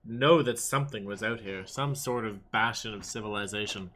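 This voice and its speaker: Bright-voiced man roleplaying diplomatically. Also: on the low side, moderate pace. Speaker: tabletop game player. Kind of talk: in-character roleplay chat.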